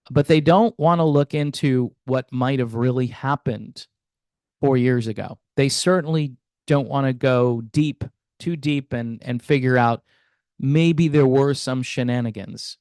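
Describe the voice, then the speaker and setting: A man hosting a music commentary channel delivers an opinion vlog in a medium-pitched, slightly mellow voice at a measured pace, with no echo. He argues skeptically, firing off rhetorical questions and restarting hesitantly.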